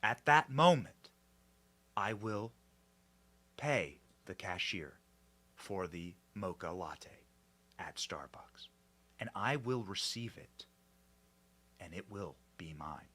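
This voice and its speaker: A solemn male news anchor, put on by a man, speaks in a hushed, breathy drawl that keeps sinking toward a whisper. He stretches every word out slowly and gravely, in a low voice that sounds creepy rather than calm. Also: exaggerated voice.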